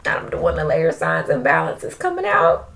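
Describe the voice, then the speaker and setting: A woman giving an emotional tarot reading, breaking into drawn-out exclamations. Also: low-pitched, flat delivery, creaky, faint music behind. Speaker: tarot reader.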